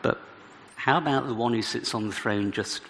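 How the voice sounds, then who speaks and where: A man with a low, gravelly voice delivers an expository sermon, reading scripture and giving it dramatic weight. His voice rings with the long reverb of a church hall, and faint noise sits under it. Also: normal speed, fairly bright tone. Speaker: preacher.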